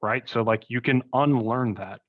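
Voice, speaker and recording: A man's voice: medium pitch, moderate pace. A young man, a podcast guest, rambling through casual stories with lots of fillers and asides. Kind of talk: casual conversation. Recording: slightly muffled recording.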